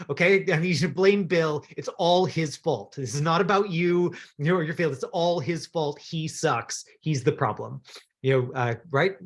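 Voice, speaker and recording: A man from Canada coaching actors through self-tapes in a chatty, encouraging way, with plenty of fillers. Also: fairly high pitch. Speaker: acting coach. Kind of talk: acting workshop instruction.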